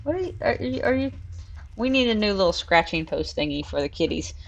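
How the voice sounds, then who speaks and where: A woman's voice: medium pitch, sing-song, fairly quick, dull audio. A woman hosting a casual live stream, chatting and laughing while she builds in a virtual world and coos at her cats. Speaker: streamer and show host.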